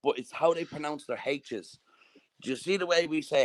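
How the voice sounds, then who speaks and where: A man's voice: on the high side, normal speed, dry recording. A southern Irish man telling a story in casual chat, swearing freely and constantly checking "do you know what I mean". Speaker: podcast host.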